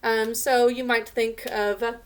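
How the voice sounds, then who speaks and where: A woman's voice: fairly high pitch, flat delivery, unhurried. A woman teacher giving a recorded spelling lesson, patiently sounding out each syllable and letter sound.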